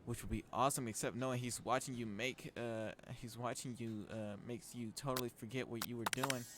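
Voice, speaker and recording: A man's voice: medium pitch, fairly even intonation, brisk, heavy background noise. A man streaming a dating-sim game, reading the text aloud and reacting with laughter and lots of fillers. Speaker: gaming streamer.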